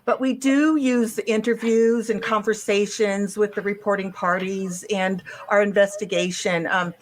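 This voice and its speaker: A woman's voice: mid-range voice, steady tone, normal speed. A woman presenting a witness case as an investigator, going step by step with frequent ums and restarts.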